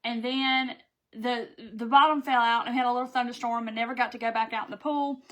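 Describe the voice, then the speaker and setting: Lady running a craft livestream from home, high voice, chatty, says hi to everyone. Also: steady tone, fast talker, a bit bright. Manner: chatty, greets viewers by name, laughs often. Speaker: craft live stream host. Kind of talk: casual live stream chat.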